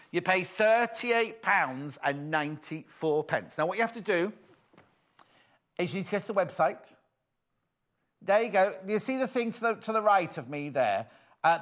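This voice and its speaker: High, lively man presenting. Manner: chatty, self-mocking, giggly. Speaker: shopping channel presenter. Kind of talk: live TV sales chat.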